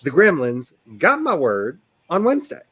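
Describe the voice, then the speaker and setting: A woman with a Southern US accent, an author chatting casually on a writing livestream, animated and self-mocking. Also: low voice, moderate pace, breathy edge, no echo.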